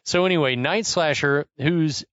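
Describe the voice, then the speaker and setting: A man's voice: fairly high pitch, a little slow, fairly bright tone, dry recording, highs cut off. A man co-hosting a podcast, animatedly recapping an action movie's chase scene in casual chat, swearing and incredulous. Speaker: podcast co-host.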